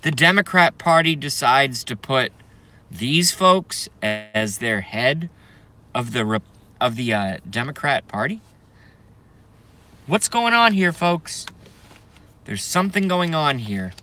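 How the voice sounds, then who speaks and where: Sharp-voiced man in a heated rant. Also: medium pitch, animated, takes it slowly. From United States. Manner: profane, heated, bursts of shouting. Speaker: vlogger. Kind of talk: angry political rant.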